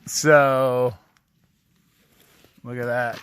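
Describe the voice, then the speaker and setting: A man's voice: mid-range voice, moderate pace, pauses often, sharp tone, no echo. A man chatting and joking casually while walking his dogs outdoors, a bit out of breath. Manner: joking, chatty, puts on silly voices. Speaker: dog-walking vlogger. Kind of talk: casual vlog narration while hiking. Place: outdoors on a trail and in a tunnel.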